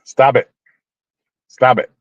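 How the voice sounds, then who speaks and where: A man's voice: slow, no room sound. Dude rambling on his livestream, repeats stuff, swears, kinda muffled dry audio. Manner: rambling, repeats himself, talks to chat by name; blunt, swears, mock-preachy. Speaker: livestream host. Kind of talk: casual livestream chat. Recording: dull, dry lo-fi sound.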